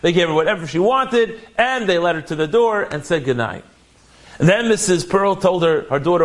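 A man telling an inspirational religious story in an animated, conversational way. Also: a little high, moderate pace.

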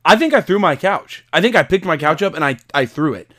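A man co-hosting a casual podcast, excitable and quick to act out his own loud reactions. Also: fairly high pitch. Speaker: podcast co-host.

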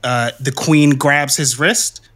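A man's voice: mid-range voice, slow, background noise. A man narrating as game master of a tabletop role-playing game, telling the scene with fillers and easy laughs. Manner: relaxed storytelling with frequent fillers and laughs.

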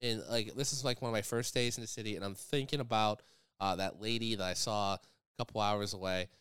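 A man co-hosting a podcast, telling profane stories in a casual chat and shouting out the voices of the people in them. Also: on the low side, a little fast, clean tone, no room sound, studio quality. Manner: profane, animated storyteller who shouts quoted voices. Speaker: podcast co-host.

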